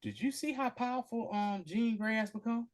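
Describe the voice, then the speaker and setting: A man co-hosting a podcast, recapping an episode in casual chat, acting out the characters' lines with quick voiced quotes and laughter. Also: very high voice. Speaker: podcast co-host.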